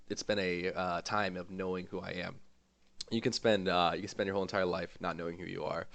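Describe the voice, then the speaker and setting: A man streamer giving an emotional, rambling farewell to his gaming community, with lots of fillers and pauses. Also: low voice, gravelly, fairly bright tone, no echo. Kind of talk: heartfelt farewell vlog.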